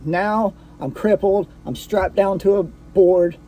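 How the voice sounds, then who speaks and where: High-voiced man telling a personal story. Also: fairly even intonation, slow, dark tone. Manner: casual, profane, full of fillers and restarts.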